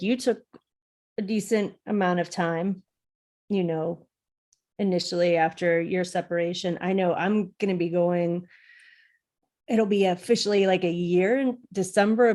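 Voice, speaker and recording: A woman's voice: lowish voice, a little mellow. A woman co-hosting a podcast, talking in a reflective, earnest way. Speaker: podcast co-host. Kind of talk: casual chat.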